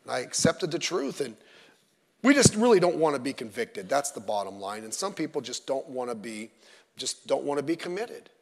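A middle-aged man preaching a sermon as pastor, animated and digressive, with joking asides. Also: medium pitch, normal speed, gravelly. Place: church sanctuary. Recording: long church-hall reverb.

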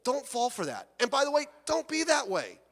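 A man preaching in a church with a high, light voice that carries a long echo through the room. He is animated and conversational, acting out the people he quotes and dropping from loud outbursts to soft asides. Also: normal speed. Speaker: pastor. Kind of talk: sermon.

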